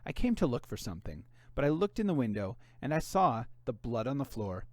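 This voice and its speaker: A man's voice: medium pitch, sing-song, brisk, dry recording, close to an everyday voice. A man reading aloud voices a secretive, tearful middle-aged mother who answers curtly and evasively. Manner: evasive, curt.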